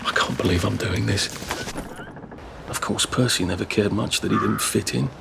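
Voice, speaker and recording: A man's voice: lowish voice, steady tone, moderate pace, vocal fry. An actor playing a nervous, polite young Englishman in a video game, dry and muttering asides to himself, with an English accent. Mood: musing. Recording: noisy game audio.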